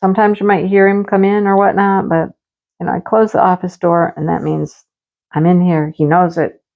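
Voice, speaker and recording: A middle-aged woman in a casual home-office chat, telling stories in a chatty, animated way. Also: fairly low pitch, normal speed, creaky, phone-quality sound. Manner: chatty, storytelling, animated exclamations. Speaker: craft vlogger.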